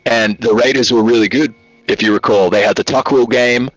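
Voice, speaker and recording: A man's voice: medium pitch, steady tone, a little fast, fairly bright tone, dry recording, rough recording. A man with an Australian accent, a guest telling rambling, joking stories in a casual interview over a call. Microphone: video call.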